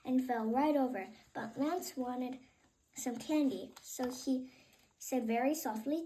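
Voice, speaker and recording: A woman reading a children's picture book aloud in an expressive, unhurried way. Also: high-pitched, a little hiss or hum, rough recording. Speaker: reader. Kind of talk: children's storybook read-aloud.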